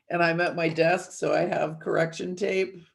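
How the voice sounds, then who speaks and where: A woman teacher giving an online grammar lesson from her desk, explaining each step clearly with light playful asides to her students. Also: on the low side. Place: at a desk, screen-sharing a worksheet.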